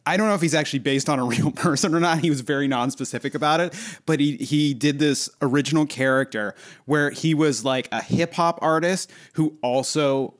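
A man co-hosts a comedy podcast with a slightly raised voice. He chats loosely, with quick reactions and easy laughs. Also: on the high side. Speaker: comedian and co-host. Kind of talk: casual podcast chat.

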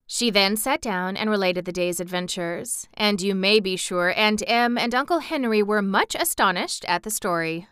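A woman's voice: lowish voice, moderate pace, hardly any pauses, a bit bright, clear, resonant tone, dry recording, clean studio sound. A woman reading a children's book aloud for a family storytime, narrating expressively.

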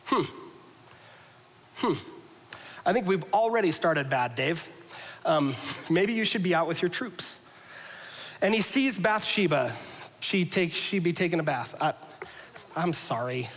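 Man, pastor, high-pitched, conversational sermon, jokey, loud to hushed, long hall reverb. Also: animated, measured pace, pauses often. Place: church hall with a congregation.

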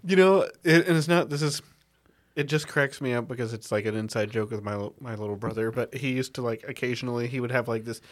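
A man's voice: mid-range voice, fast. A man co-hosting a comedy podcast in casual chat, upbeat and laughing often between his words. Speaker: podcast co-host.

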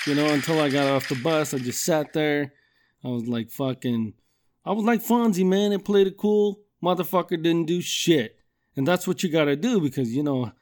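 A middle-aged man hosting a podcast, telling rambling comic stories in a profane, ranting way. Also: high-pitched. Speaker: podcast host. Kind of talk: comedic rant monologue.

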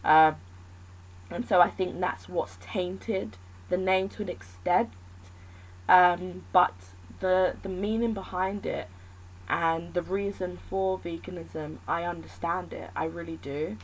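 A woman's voice: fairly low pitch, fairly even intonation, slow, low-quality recording. A woman talking alone in a casual, candid chat, thinking aloud and rambling between points.

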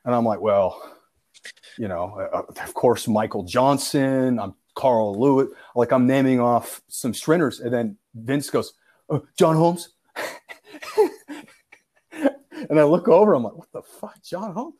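A man's voice: medium pitch, unhurried. A young man in casual chat, telling an old school prank story with laughter, acted-out quotes and swearing. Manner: animated storyteller, laughs often, acts out quotes, swears freely.

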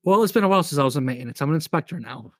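A man's voice: a little high, expressive, rapid-fire, no room sound, studio quality. A man hosting a podcast in casual chat, reading out notes, joking, laughing often and swearing. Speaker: podcast host.

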